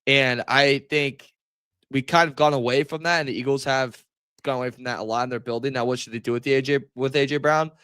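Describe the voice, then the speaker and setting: A man co-hosting a casual sports podcast, talking in a relaxed, analytical way. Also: medium pitch, a little fast, smooth, no echo. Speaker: podcast co-host.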